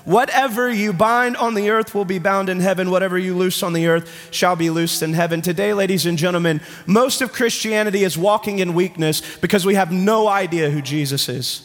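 A man preaching a sermon, reading scripture and building to shouted emphasis. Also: high-pitched, fairly quick, hardly any pauses. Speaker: pastor. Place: large church hall. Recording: church hall reverb.

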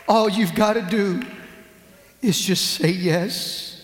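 A man preaching a sermon as a pastor, telling a story slowly and with feeling, with dramatic pauses. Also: sits high. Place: church hall. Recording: echoey hall, long reverb.

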